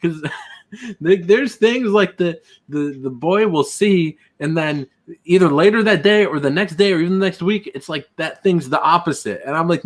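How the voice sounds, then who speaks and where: A man co-hosting a podcast in casual chat, giggly and excitable. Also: on the high side, normal speed.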